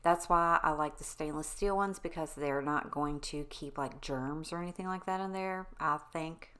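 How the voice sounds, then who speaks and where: A middle-aged woman with a somewhat low voice talks straight to her viewers as if to a friend. Her chat is candid and loose, and she drifts happily from one tangent to the next. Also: normal speed, fairly bright tone. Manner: rambling, wanders off on tangents; candid and conversational, addresses viewers directly. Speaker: home cleaning vlogger. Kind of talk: casual chatty voice-over.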